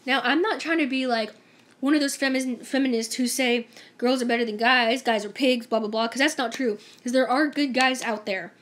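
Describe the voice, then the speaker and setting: A woman's voice: a little high, steady tone, normal speed, a bit bright. A young woman vlogger telling a story-time tale in a chatty, emphatic way, acting out the dialogue.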